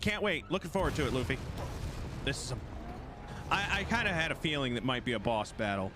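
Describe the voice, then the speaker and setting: A man casually commenting live while playing a game, chatty and excitable, swearing and talking back to the characters. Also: mid-range voice, a little fast, noisy background. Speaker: streamer. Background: game music.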